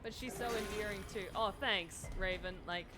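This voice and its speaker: A woman's voice: medium pitch, moderate pace. A woman streaming a video game live, giggling often, swearing freely and chatting casually with her viewers. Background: game music.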